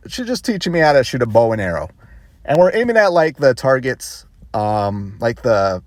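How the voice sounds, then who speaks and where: A man's voice: medium pitch, no room sound. A man vlogger telling a rambling story casually, with self-conscious laughs.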